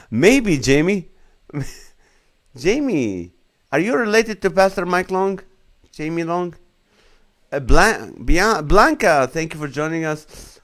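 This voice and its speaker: A man in his forties, a comedian hosting a casual live stream, reading viewer comments aloud and laughing along with their jokes. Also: on the high side. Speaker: comedian and show host.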